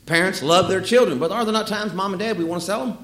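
A man preaching a sermon with folksy, humorous storytelling and lively asides. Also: high-pitched, fast talker. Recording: echoey room.

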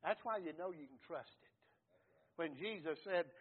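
A male preacher delivers a sermon in a fairly high voice, rising to loud cries and dropping to near hushes. The sound is thin and phone-like. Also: animated, normal speed, breathy edge. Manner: emphatic preaching, swings between loud and hushed.

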